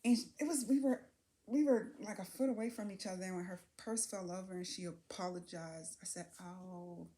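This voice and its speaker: A woman vlogging, talking through a personal experience in a candid, musing way, often trailing off with fillers and soft laughs. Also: mid-range voice. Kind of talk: reflective personal vlog.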